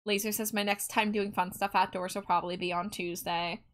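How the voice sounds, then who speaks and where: A woman's voice: mid-range voice, flat delivery, a little fast, a bit bright. A woman hosting a live stream, chatting casually with viewers and reading their messages in a bubbly, giggly way. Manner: bubbly and giggly, reads chat aloud. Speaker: livestream host. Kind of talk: casual chat with viewers while drawing.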